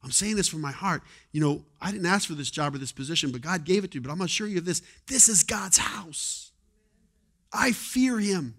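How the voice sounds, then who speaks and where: A male pastor preaching a sermon in a conversational way, moving between quiet asides and loud exhortation. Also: sits high, expressive, a little fast. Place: church sanctuary.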